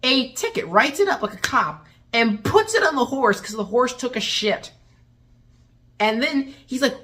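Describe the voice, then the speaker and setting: A woman delivers a casual movie review as a running rant. Her tone is sarcastic and exasperated, and she swears without hesitation. Her medium-pitched voice swings up and down with great animation as she mimics the characters in mocking voices. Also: lively intonation, brisk, a bit bright. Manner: acts out quotes in mocking voices.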